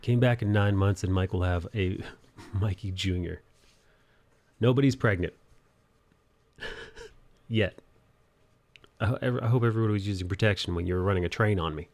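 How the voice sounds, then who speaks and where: Man, low gravelly voice, casual live-stream chat, laughs a lot. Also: moderate pace, long pauses, a little mellow. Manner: chatty and loose, laughing, reading out viewer support. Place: apartment in an old city building.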